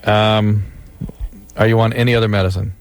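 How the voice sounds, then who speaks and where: A man co-hosting a radio show as the doctor, firing quick medical questions at a caller. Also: lowish voice, fairly even intonation. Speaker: doctor co-host. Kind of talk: casual radio talk.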